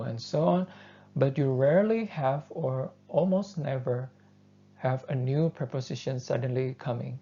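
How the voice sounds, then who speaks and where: Man lecturing, non-native english speaker, gravelly, mellow, muffled lo-fi recording. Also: mid-range voice. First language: not English. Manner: thoughtful, steady explaining with frequent fillers. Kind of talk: university lecture.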